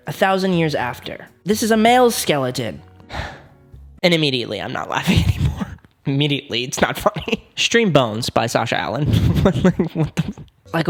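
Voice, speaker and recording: A young man talks through a casual reaction video and laughs a lot as he jokes along. His pitch swings widely and his delivery stays animated. Faint music plays underneath. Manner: laughs often, animated and joking. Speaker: vlog host.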